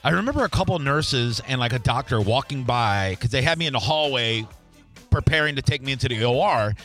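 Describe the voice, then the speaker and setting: Bright-voiced middle-aged man telling stories. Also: medium pitch, brisk, faint music behind. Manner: animated storyteller, acts out quoted voices. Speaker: podcast host. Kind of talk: casual chat, storytelling.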